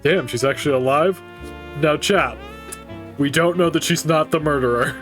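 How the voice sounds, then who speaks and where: A man's voice: on the high side, moderate pace, fairly bright tone, soft background music. A man streaming a story game, narrating it aloud and reacting with casual swearing. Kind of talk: reading a story game aloud with live commentary.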